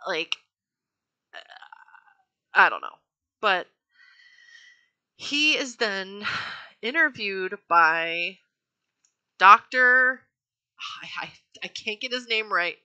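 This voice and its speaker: A woman's voice: mid-range voice, expressive, extremely slow, long pauses, sharp tone, smooth, highs cut off. A woman hosting a true-crime podcast, telling the story in a chatty, profane way with lots of fillers and self-corrections.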